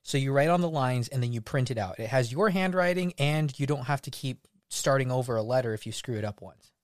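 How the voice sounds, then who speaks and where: A man's voice: mid-range voice, fairly quick, no echo, clean studio sound. A man co-hosting a casual podcast, playful and laughing often, slipping into silly voices for his stories. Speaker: podcast co-host. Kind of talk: casual chat.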